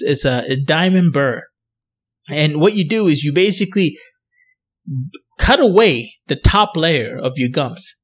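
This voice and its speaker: A man who hosts a casual podcast as a dentist, explaining things at length with many fillers and restarts. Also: on the high side. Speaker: dentist, periodontist podcast host.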